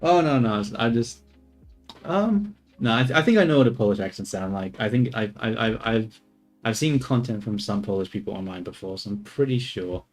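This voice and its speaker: A man's voice: lowish voice, normal speed, soft background music. A young man streaming his 3D modeling work, thinking aloud in casual chatter, trailing off and correcting himself as he goes. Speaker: livestreamer doing 3D modeling.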